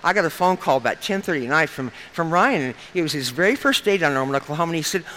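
Telling her recovery story from a meeting-room podium, this older woman from Nebraska keeps addressing everyone as "you guys." She's frank, folksy and jokey, with a forceful, bright, deep voice, lively intonation and rapid-fire delivery amid slight background noise.

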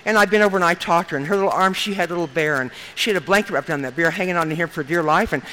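A woman's voice: lowish voice, very fast, fairly bright tone, a little hiss or hum, low-quality recording. A middle-aged woman telling a group her personal story in an earnest way, repeating phrases and often adding "and stuff". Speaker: speaker sharing at a recovery meeting. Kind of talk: personal testimony told to a group.

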